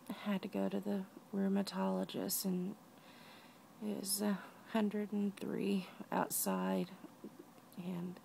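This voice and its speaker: Woman, gravelly, out of breath, soft-spoken, slips into whispers, lying down at home, video diary. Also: medium pitch, a little hiss or hum. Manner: tired, soft-spoken, often drops to a whisper. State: weak and out of breath. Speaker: vlogger.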